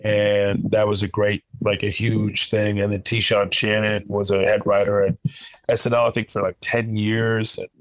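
A man from Kuwait tells stories as a guest comedian, animated and loose with plenty of "like" fillers. His voice sits fairly low. The sound is close and dry, with no room around it. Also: normal speed, no room sound, low-quality recording. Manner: animated, lots of "like" fillers, chuckles while talking. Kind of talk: conversational storytelling.

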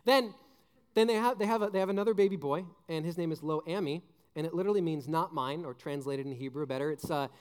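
A young man, a junior high pastor, giving a joking youth sermon full of stories, restarts and "like". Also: fast, clear, resonant tone, big-room sound. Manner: animated, joking, many restarts and "like".

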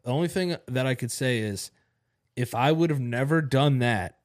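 A man's voice: medium pitch, moderate pace. Laid-back young man, full of filler words. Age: young adult. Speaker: podcast co-host and new stand-up comedian. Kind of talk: casual chat.

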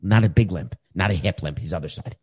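Man putting on a panicky scheming coach, hurried orders, fast jumpy delivery, lowish voice. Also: darkish tone, husky. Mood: frantic. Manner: frantic, whispering asides to staff. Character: panicky male head coach at a press conference, scheming.

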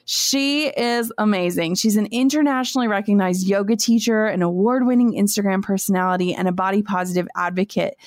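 A woman's voice: medium pitch, a little fast, hardly any pauses, no echo, clean studio sound. A woman hosting a podcast, introducing episode clips in earnest, scripted narration. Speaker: podcast host.

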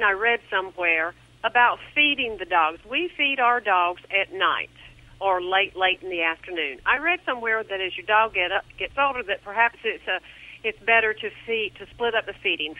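A woman's voice: medium pitch, expressive, normal speed, no echo. A woman from South Alabama with a slight Alabama accent, calling into a radio show in a friendly, giggly way. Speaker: caller. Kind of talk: phone call into a radio show. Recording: bright phone line.

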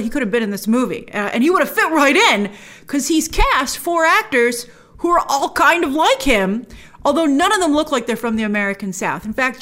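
A woman giving a casual film review to camera, chatty and animated, acting out her own reactions. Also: on the high side.

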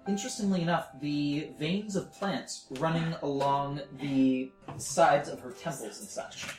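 A man running a tabletop game as game master, describing scenes slowly with many fillers, in an echoey room with loud music. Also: a little high. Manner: slow, searching description with fillers.

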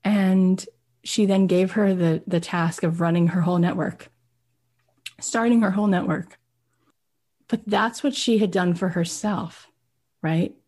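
A woman hosting a podcast, giving an emphatic, animated motivational talk and often checking in with her listeners. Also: fairly low pitch, a little slow, pauses often. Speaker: podcast host.

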